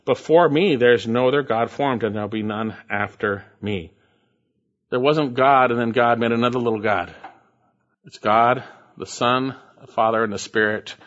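A man preaching a sermon, reading scripture quietly and rising to loud, high emphatic bursts. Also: muffled recording. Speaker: pastor.

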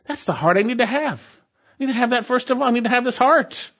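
A male pastor preaching a verse-by-verse sermon, hammering each point by saying it again in other words. His voice sits high and swings widely in pitch. The recording sounds dull and lo-fi. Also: expressive, fast talker, fairly bright tone. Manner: emphatic, repeats key phrases. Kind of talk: expository sermon.

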